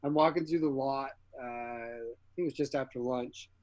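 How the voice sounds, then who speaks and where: A man as a guest actor in an interview, telling casual stories with animated energy, acting out the quoted dialogue and laughing often. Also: medium pitch, moderate pace.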